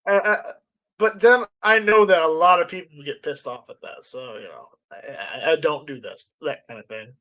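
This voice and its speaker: A man hosting a casual chat, joking and trailing off quietly at times. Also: on the high side, normal speed. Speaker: host.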